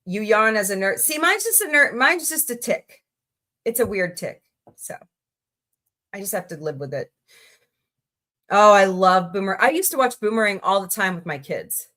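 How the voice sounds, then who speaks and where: A woman in her forties from Missouri hosts a casual livestream with a bright, clear voice. She talks in a loose, rambling way, greeting viewers and reacting to chat. Her pitch sits in an ordinary middle range. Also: sing-song, moderate pace, long pauses. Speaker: livestream host.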